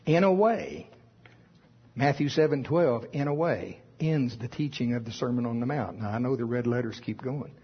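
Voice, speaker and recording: A man's voice: medium pitch, slightly rough, highs cut off. A man preaching a sermon with emphasis, reading scripture aloud in old wording. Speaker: pastor.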